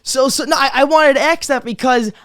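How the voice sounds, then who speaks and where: A man's voice: very high voice, fairly quick, a bit bright, clean tone, no room sound. A young man from Brooklyn with a New York accent hosting a casual podcast chat, rambling with stammered restarts and lots of cursing. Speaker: podcast host.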